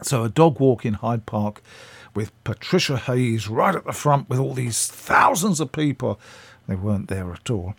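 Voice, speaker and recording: An older man, a radio guest, telling anecdotes in a chuckling, lively way and acting out the scenes. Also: medium pitch, normal speed, creaky, husky, no room sound. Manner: chuckling, lively storyteller who acts out scenes. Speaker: interview guest. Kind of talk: anecdotal storytelling.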